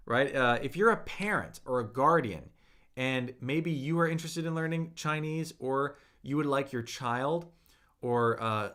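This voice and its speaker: A man's voice: mid-range voice, a bit bright. A young man hosting a casual live-stream language lesson, upbeat and encouraging, with many fillers and "right?" tags.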